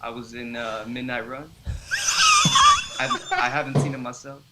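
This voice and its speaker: A man doing an impression of a gruff, mock-menacing movie tough guy, mumbling and breaking into laughter. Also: medium pitch, fairly even intonation, moderate pace, heavy background noise, natural voice.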